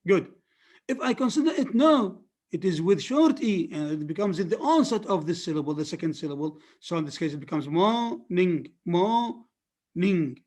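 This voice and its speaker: High-voiced lecturer checking on students. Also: male voice, animated, brisk, darkish tone, slightly rough. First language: Arabic. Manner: repetitive, keeps checking that students follow. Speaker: phonetics lecturer. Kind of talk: classroom lecture.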